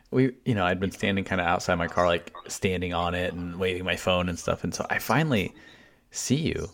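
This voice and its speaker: Male co-host with a very deep voice, easygoing and laugh-prone, casual banter. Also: normal speed, a bit bright. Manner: laughing, teasing storyteller. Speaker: podcast co-host. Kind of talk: casual chat.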